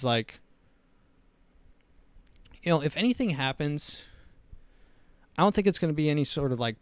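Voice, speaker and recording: Rambling sarcastic young man, smooth voice. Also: medium pitch, no echo. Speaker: podcast host. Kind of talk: casual comedic monologue.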